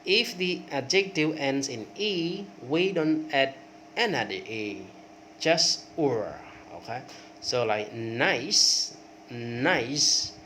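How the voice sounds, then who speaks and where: A man's voice: medium pitch, animated, slow, a bit bright, a little hiss or hum. A man whose first language is Khmer, teaching English grammar and drilling word forms aloud, with frequent checks of "okay". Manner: repeats word forms in drills, rising on examples, many okays. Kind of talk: grammar lesson.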